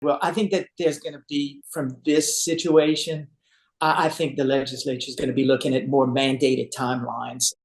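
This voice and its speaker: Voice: mid-range voice, level tone, moderate pace, roomy sound. A speaker with an American accent answering an interview in an earnest, serious way.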